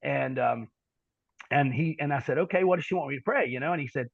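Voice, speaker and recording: A man telling stories as a podcast guest, animated in his storytelling. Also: mid-range voice, brisk, vocal fry, no room sound. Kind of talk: storytelling interview talk. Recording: dull lo-fi dry sound.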